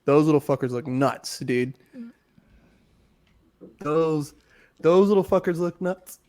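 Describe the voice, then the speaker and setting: A man's voice: fairly high pitch, slow, darkish tone. A young man co-hosting a casual podcast, rambling and laughing, often trailing off mid-sentence. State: has hiccups. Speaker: podcast co-host. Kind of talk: casual chat.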